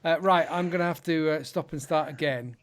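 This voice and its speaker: A man's voice: fairly high pitch, fairly quick. A man hosting a podcast in casual chat, teasing his co-host and dryly apologising for technical trouble.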